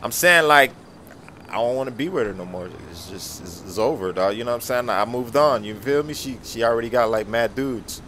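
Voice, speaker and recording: A man playing a nervous dad in a game role-play skit who stammers and yells in panic. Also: medium pitch, expressive, fairly quick, a little hiss or hum.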